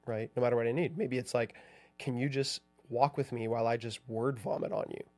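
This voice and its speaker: A man's voice: medium pitch, fairly even intonation, fairly quick, darkish tone, soft background music. A man co-hosting a podcast about marriage, speaking earnestly in casual conversation and often asking "right?". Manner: earnest, ends points with "right?". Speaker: podcast co-host.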